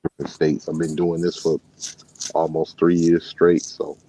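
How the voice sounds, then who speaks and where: A man's voice: rumbling low, normal speed. A man from Chicago with a Chicago accent, chatting casually as a regular caller and telling road stories with plenty of fillers. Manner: relaxed storyteller, many fillers. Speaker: truck driver and regular caller. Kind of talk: casual chat. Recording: muffled, dry phone-like sound.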